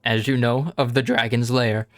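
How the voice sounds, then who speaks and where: A man running a tabletop game on a stream, narrating in an unhurried way with many pauses and fillers. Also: medium pitch, little pitch movement, a bit bright, dry recording. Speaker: game master.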